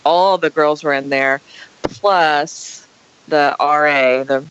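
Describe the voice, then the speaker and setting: A woman guest on a podcast, telling a story casually with dramatic, animated flair and acted-out quotes. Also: sits low, slow, a little hiss or hum. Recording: dull lo-fi podcast audio.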